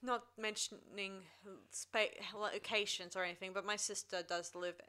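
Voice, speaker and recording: An Australian woman co-hosts a relaxed chat, retelling a film's plot. She rambles and restarts often while hunting for the right word. Her voice is bright and crisp. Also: medium pitch, normal speed. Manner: rambling, searches for words, many restarts. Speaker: podcast co-host. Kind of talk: casual chat retelling a film.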